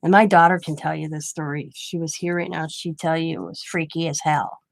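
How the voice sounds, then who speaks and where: A woman's voice: low voice, a little fast, creaky. A grandmother who hosts a craft channel, telling a personal story in a rambling, chatty way and quoting others in her own voice. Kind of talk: casual storytelling.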